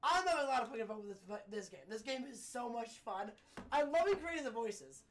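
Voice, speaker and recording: A woman's voice: a little high, animated, a little fast, slight background noise. Playful, foul-mouthed woman streaming a game. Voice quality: profane, playful, loose. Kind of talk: casual gaming commentary.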